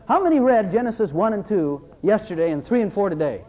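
Pastor guy preaching in church, high voice that swoops all over, acts out people's excuses. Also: a little fast, hardly any pauses. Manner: animated, repetitive preaching with mock-voiced asides. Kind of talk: sermon.

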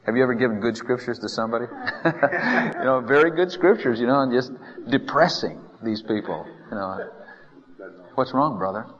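A man's voice: medium pitch, lively intonation, normal speed, a crowd in the background. A man preaching a conversational sermon to a congregation, acting out complaints in the first person and chuckling often. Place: church hall with a congregation. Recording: dull lo-fi sound with long hall reverb.

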